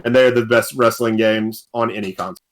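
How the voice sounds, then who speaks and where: A man's voice: on the low side, fairly even intonation, a little fast. Man telling a wrestling story, laughing. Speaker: podcast guest. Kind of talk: casual storytelling.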